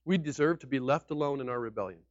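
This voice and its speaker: A man preaching a sermon as pastor, emphatic, with sudden loud peaks on key words. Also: mid-range voice, fast, no room sound. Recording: dull lo-fi recording.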